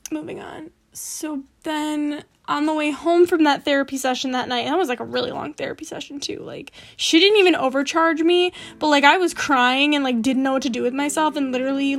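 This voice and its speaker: Young woman, high voice, rambling storytime, soft music behind. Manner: rambling and candid, full of "like" and restarts. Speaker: vlogger. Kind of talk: personal storytime.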